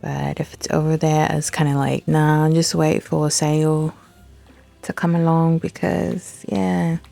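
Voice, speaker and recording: A woman gives casual gaming commentary, rambling to herself in a slow, unhurried drawl. Her voice is low and gravelly with a mellow tone. She makes laid-back, profane asides. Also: little pitch movement, faint music behind. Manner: rambling, talks to herself while browsing. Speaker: gaming channel host.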